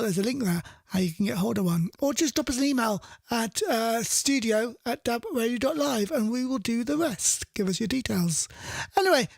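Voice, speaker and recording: A man's voice: very high-pitched, gravelly, dry recording. A man hosting a radio music show, chatting casually, thinking aloud and correcting himself as he goes, at a studio microphone. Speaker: radio DJ host.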